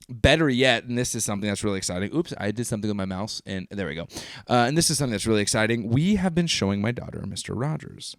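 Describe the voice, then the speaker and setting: A man in his thirties hosting a live stream, talking casually in a rambling, animated way that often interrupts itself. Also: mid-range voice, no echo, clean studio sound. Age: 30s. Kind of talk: casual livestream monologue.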